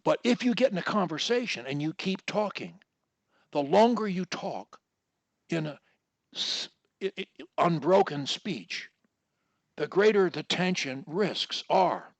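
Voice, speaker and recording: A man coaching one-on-one over a video call, explaining techniques in a deliberate, instructive way and drawing words out. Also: sits high, expressive, dry recording. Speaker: speech coach.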